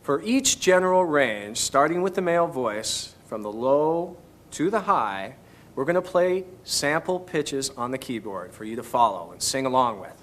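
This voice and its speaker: A man's voice: medium pitch, sing-song, normal speed, few pauses, fairly bright tone. A man teaching singing on an instructional video, patiently coaching each step. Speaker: vocal instructor.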